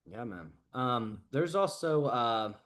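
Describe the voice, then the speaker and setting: A man coaching sales setters in an easygoing, conversational way. He leans on "like" and tag questions, and brightens when he acts out what other people said. His pitch sits in the ordinary middle for a man. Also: takes it slowly. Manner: casual, lots of "like" and "right?", animated quoted asides. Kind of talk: casual group coaching call.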